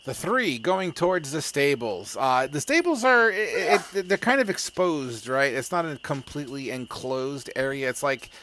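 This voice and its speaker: A man's voice: a little high, lively intonation, normal speed, hardly any pauses, pushed and bright, slight background noise. A man narrating a tabletop game as game master in a casual, chatty way. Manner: casual, chatty, laughs often, many fillers.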